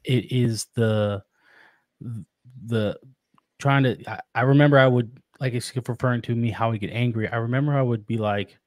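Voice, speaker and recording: Earnest, halting man, dry sound. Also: mid-range voice, fairly even intonation, darkish tone, no echo. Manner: earnest and reflective, halting with frequent restarts. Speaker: podcast guest, father of daughters. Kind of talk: casual interview talk.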